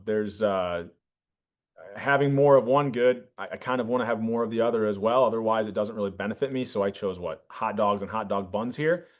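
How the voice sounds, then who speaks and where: A man's voice: fairly low pitch, fairly bright tone. A man giving an economics class lecture, explaining step by step and often checking in with the class and correcting himself. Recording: dull lo-fi classroom recording.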